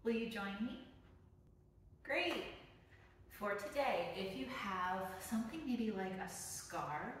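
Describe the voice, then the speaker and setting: A woman teaching a children's yoga class, giving gentle, encouraging and playful instructions. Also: mid-range voice. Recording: very echoey room, voice from a distance, faint noise.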